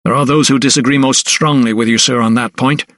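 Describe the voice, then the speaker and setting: A man's voice: mid-range voice, steady tone, brisk, fairly bright tone, no room sound, natural voice. An earnest young doctor, read by a male narrator, pressing his point with barely held-back agitation. The voice sits close and dry on the mic. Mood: urgent. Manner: urgent, strained.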